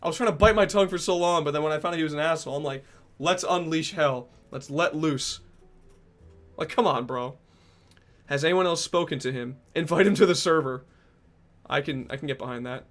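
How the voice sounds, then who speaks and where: Quick-paced and a little high in pitch, a young man on a casual stream reads out his chat and answers it, joking around, swearing and now and then shouting suddenly.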